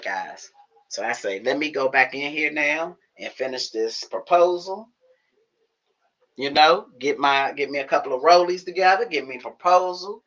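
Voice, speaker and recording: A woman livestreaming from her home office, telling a story to her viewers in a casual, animated way, acting out the conversations. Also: low-pitched, lo-fi sound. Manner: animated, acts out conversations, talks to herself. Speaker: livestream host.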